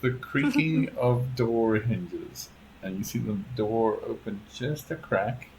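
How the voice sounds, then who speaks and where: A man narrating as game master in a tabletop game, easygoing and often laughing, with halting narration. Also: mid-range voice, darkish tone, slight background noise, poor audio.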